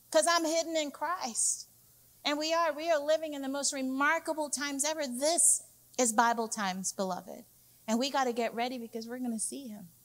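A woman's voice: sits high, fairly bright tone. A woman executive pastor preaching a sermon, emphatic and repeating key phrases, calling the congregation "y'all". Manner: addresses listeners as "y'all".

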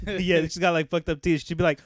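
A man's voice: a little high, steady tone, moderate pace, gravelly, a little hiss or hum. A man co-hosting a podcast in casual, joking chat, often laughing through his lines. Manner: joking, laughs mid-sentence. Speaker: podcast co-host.

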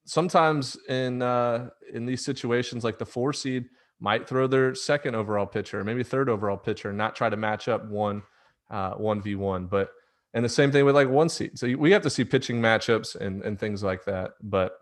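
A man's voice: medium pitch, normal speed. A man hosting a casual sports podcast, talking in a rambling way full of fillers and often laughing. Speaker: podcast host.

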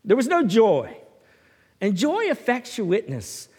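A man preaching a sermon in an animated way, swinging from loud bursts to hushed words and often repeating himself. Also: sits high, measured pace, breathy edge. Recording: hall reverb.

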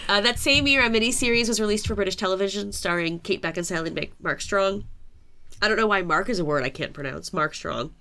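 A woman's voice: medium pitch, fast talker, hardly any pauses, sharp tone. A woman co-hosting a podcast, chatting casually from her notes, self-mocking and laughing at her own slips. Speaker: podcast co-host. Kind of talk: casual chat, talking through notes.

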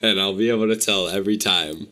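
Podcast cohost guy, kinda low but bright voice, jokey and dry. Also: fairly even intonation, fast. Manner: dry, teasing jokes. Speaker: podcast co-host. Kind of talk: casual podcast chat.

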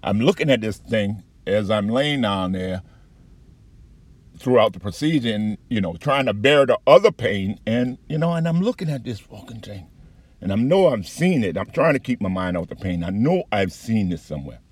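A man giving a candid, profane personal account with halting restarts and frequent fillers. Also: on the low side, lively intonation, slightly rough, no echo. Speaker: patient recounting an experience.

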